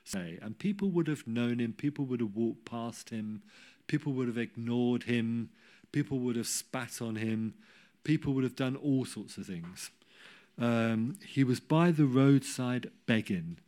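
A man preaching a sermon, telling a Bible story with humorous asides and rising to loud cries when he quotes. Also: medium pitch, unhurried.

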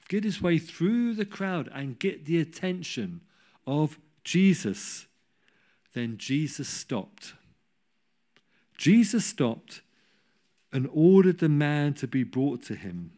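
Slow, animated male preacher. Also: fairly high pitch. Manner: animated, rising to loud cries when quoting, humorous asides. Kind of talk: sermon.

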